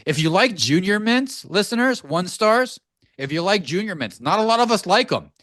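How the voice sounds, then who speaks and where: A man co-hosting a podcast, telling a story in an animated, profane ranting way from a home studio. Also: sits high, moderate pace, dry recording. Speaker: podcast co-host. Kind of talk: casual podcast chat.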